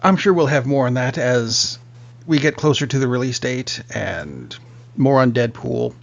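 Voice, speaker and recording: A man with a gravelly, creaky voice tosses off dry remarks in relaxed podcast chat. The sound is a little dull and lo-fi. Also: mid-range voice, measured pace. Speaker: podcast co-host. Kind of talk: casual movie podcast chat.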